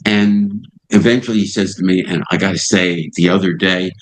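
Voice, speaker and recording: A man's voice: deep voice, moderate pace, low-quality recording. An older man, a radio host being interviewed, telling an anecdote and acting out the people in it. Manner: lively storyteller who acts out the voices in his anecdotes. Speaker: satellite radio host, guest.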